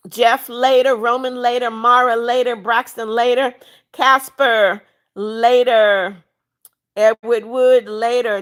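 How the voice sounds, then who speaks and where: Woman livestream host, raised pitch, chatty, reads chat out loud and greets each viewer. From United States. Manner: reads viewer comments aloud and answers each by name. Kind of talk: casual livestream chat reading comments.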